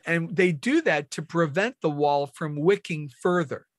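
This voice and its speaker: A man's voice: on the high side, a little slow, no room sound, studio quality. A man leading a team training meeting, explaining step by step and asking questions of the room.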